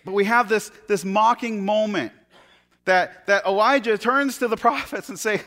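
A man's voice: moderate pace, fairly bright tone. A man preaching a sermon, retelling a scripture story with sarcastic jokes, laughing now and then and acting out the quoted lines in shifting voices. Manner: acts out quoted speech in higher and lower voices. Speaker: pastor.

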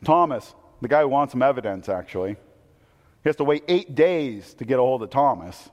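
A man preaching a sermon, telling the story with animated, acted-out quotes. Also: mid-range voice, a little fast, in a large hall, lo-fi sound. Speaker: pastor.

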